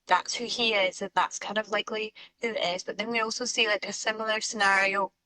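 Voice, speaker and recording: A woman's voice: mid-range voice, steady tone, fairly quick, bright, forceful tone, no echo, low-quality recording. A woman guest on a podcast, chatting casually and rambling with lots of fillers. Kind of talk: casual chat.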